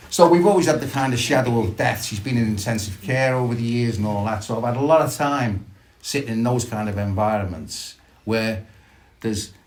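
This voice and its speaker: A middle-aged man, sharing reflectively and haltingly at a recovery meeting, with many restarts. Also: medium pitch. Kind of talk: personal sharing at a support meeting.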